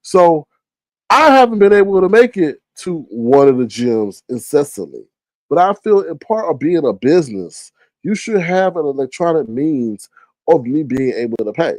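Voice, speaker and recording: Animated man telling a profane story. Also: normal speed, no echo. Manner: animated, profane, jumps into high-pitched exclamations when quoting himself. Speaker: streamer host. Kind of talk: casual storytelling rant.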